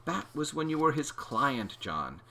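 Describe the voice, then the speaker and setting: A bossy young girl detective, put on by a man reading a children's storybook, crisp and sure of herself. Her voice sits a little above his own and rings bright and forceful. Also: a little high, measured pace, voice pushed up, full character voice. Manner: confident, bossy, calm.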